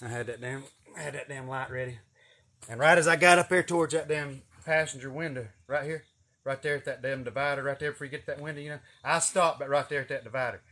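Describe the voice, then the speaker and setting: A fast-talking man with a medium-pitched voice tells casual stories, swearing a lot. His storytelling is animated, and he acts out what people said.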